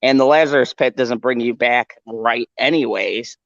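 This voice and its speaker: Excitable man on a dull dry mic. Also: medium pitch, normal speed, vocal fry, no room sound. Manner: excitable, swears freely. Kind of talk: casual chat.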